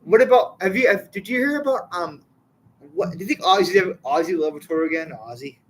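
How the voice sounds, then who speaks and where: Lively fast-talking man asking questions. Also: sits high, a little hiss or hum, rough recording. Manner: asks rapid questions, many restarts. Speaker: podcast host. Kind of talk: casual chat.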